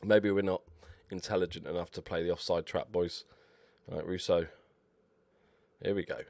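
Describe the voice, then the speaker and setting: A man commentating over his own football management game, excitable and swearing at his players. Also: low-pitched, moderate pace, no echo. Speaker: gaming YouTuber. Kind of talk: Let's Play commentary.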